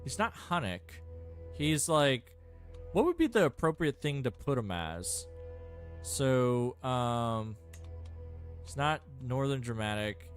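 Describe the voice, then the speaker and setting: A man's voice: mid-range voice, a bit bright. A man casually commentating his own strategy gameplay, rambling and thinking aloud with many fillers and self-mocking asides. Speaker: gameplay streamer.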